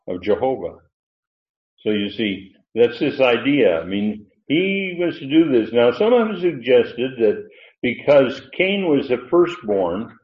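Low-voiced male preacher, unhurried Bible teaching with fillers, roomy muffled recording. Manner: unhurried, digressive, many fillers. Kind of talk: sermon, verse-by-verse Bible teaching.

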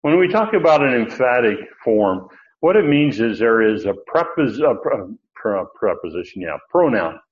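A man's voice: mid-range voice, very animated, normal speed, highs cut off. An older man preaching an expository sermon in a folksy, digressive way, with many restarts and asides. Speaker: pastor.

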